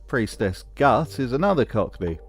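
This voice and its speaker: A man's voice: mid-range voice, big pitch swings, moderate pace, over music. Dry-humored male video narrator. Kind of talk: scripted voice analysis narration.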